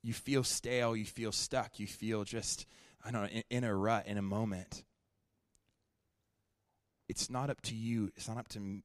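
A young man preaching a sermon at a church, shifting from animated, joking storytelling to quiet, prayerful ministry. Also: deep voice, dry recording. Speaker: guest preacher.

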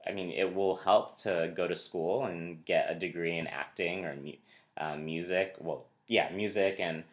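Very deep-voiced rambling man. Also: fairly even intonation, moderate pace. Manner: rambling, digressive, many fillers and restarts. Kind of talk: casual conversation.

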